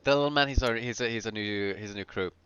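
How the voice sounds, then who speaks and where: Chill guy playing a tabletop game, bright smooth voice, trips over his words a bit, lo-fi sound. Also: lowish voice, fast, no echo. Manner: laid-back, stumbles over words. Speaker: player. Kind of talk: casual tabletop play. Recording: dull lo-fi sound.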